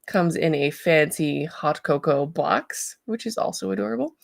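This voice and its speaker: A woman's voice: sits low, lively intonation, moderate pace, creaky, no room sound, studio quality. A woman hosting a casual livestream, chatting, laughing and greeting viewers by name. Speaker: livestream host.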